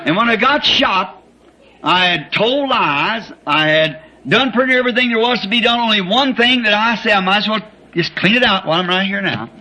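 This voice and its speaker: A man's voice: expressive, moderate pace, sharp tone, low-quality recording. A man preaching a sermon, telling a vision story with rising passion. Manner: impassioned storytelling, rising in pitch when recounting screams.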